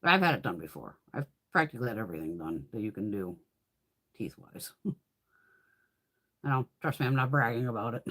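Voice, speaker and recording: A woman hosting a beauty livestream rambles through casual chit-chat, swearing plenty and laughing often. She has a very deep, animated voice, speaks at normal speed and pauses often.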